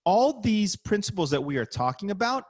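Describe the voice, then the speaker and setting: An energetic middle-aged man talks over a video call, swinging his voice up and down all the time. He is a basketball coach giving a punchy motivational talk about networking. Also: high voice, normal speed.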